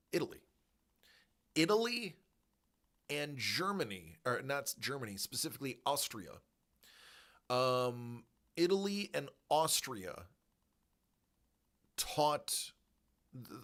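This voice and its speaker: Bright-voiced rambling male streamer. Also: mid-range voice. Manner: rambling, tangent-prone, with laughs and fillers. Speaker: livestream host. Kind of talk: casual livestream chat.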